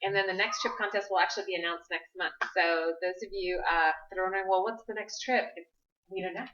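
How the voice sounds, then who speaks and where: A woman's voice: medium pitch, steady tone, fast, fairly bright tone, echoey room, muffled recording. A woman giving a chatty live-stream presentation to a small room, laughing often and telling a personal story. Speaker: network marketing presenter. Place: meeting room with small audience.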